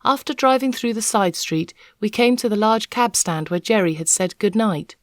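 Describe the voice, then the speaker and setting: A woman reading a children's novel aloud, an expressive, measured storyteller. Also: medium pitch, dry recording, clean studio sound. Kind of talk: expressive read-aloud narration.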